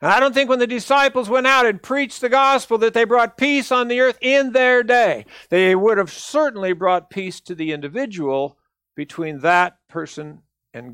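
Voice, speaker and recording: Older guy preaching a sermon, higher voice, earnest and emphatic, dry sound. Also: moderate pace, a bit bright, clear, resonant tone, dry recording. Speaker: minister.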